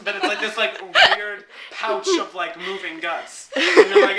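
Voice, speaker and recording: A man's voice: sits high, sing-song, normal speed, hardly any pauses. A young man dramatically retelling a film plot, giggling and saying "like" constantly, recorded far off on a noisy home video in an echoey room at home. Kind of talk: animated comic retelling.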